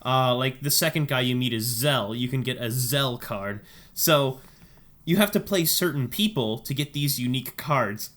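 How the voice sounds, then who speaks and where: Excitable man telling a funny story. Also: medium pitch, normal speed. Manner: excited storytelling, laughing often. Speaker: podcast co-host. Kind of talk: casual chat.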